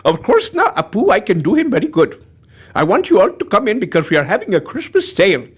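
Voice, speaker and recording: A cheery cartoon shopkeeper. His voice is high and singsong, and it climbs higher as he hurries through the sales pitch. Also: huge pitch swings, fast, breathy edge, exaggerated voice. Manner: singsong, exaggerated accent put-on.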